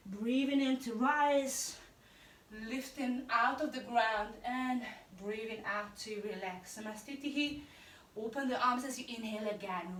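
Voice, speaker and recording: A woman yoga instructor calmly guiding a class through breath and poses with encouraging cues. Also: on the high side, a little hiss or hum. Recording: echoey room, voice from a distance.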